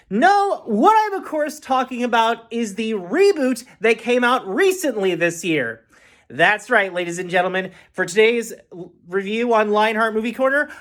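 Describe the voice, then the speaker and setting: An excitable reviewer talks through a film in a loose, off-the-cuff monologue. Loud bursts of hype give way to quiet, mumbled asides, and the talk wanders through self-corrections. The jokes are often aimed at the speaker. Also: mid-range voice. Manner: energetic and rambling, with big jumps between loud hype and muttered asides. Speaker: movie reviewer. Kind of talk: casual movie review monologue.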